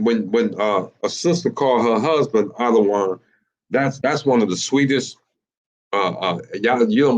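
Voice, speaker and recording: A male preacher teaches his congregation, repeating phrases and stumbling over his words. He often stops to ask his listeners whether they follow him. His medium-pitched voice comes through a dull, muffled, lo-fi recording. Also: darkish tone. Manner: repetitive, halting, with many fillers and rhetorical questions. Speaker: teacher of a religious group. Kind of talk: sermon-style teaching.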